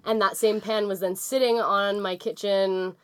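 A woman's voice: mid-range voice, fairly even intonation, measured pace. A woman co-hosting a casual chat, friendly and giggly, leading the questions. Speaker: podcast co-host.

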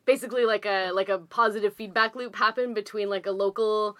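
A woman co-hosts a casual chat podcast, telling rambling stories packed with fillers. Her mid-range voice is fairly bright and fairly quick with fairly even intonation, captured at studio quality with no room sound.

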